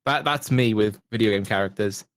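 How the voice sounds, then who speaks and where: A man's voice: lowish voice, fairly quick, no echo, clean studio sound. A man talking as a guest on a podcast, enthusiastic and rambling with many restarts. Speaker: podcast guest, content creator. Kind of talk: casual chat.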